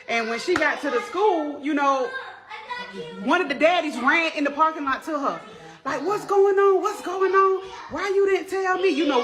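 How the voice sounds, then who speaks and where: A woman who works in a school front office, casually telling a story to camera and acting out the people in it. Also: a little high. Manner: animated retelling, acting out quoted voices. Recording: noisy background.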